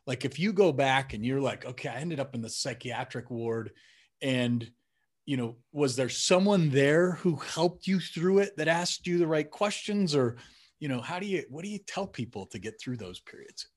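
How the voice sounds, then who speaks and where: A man's voice: medium pitch, lively intonation, moderate pace. A man hosting a podcast, asking probing, layered questions of his guest. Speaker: podcast host. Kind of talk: interview questions.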